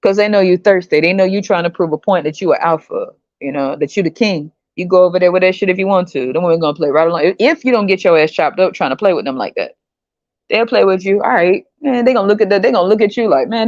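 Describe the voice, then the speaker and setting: A woman's voice: on the low side, fast talker, a little mellow, dry recording. Blunt, profane woman podcast host. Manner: blunt, profane, mocking, laughing. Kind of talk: casual commentary monologue. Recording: dull lo-fi dry recording.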